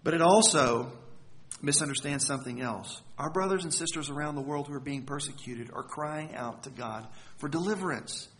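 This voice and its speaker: A man's voice: fairly high pitch, moderate pace, a bit bright. A man preaching a sermon, earnest and emphatic, leaning hard on key words. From United States.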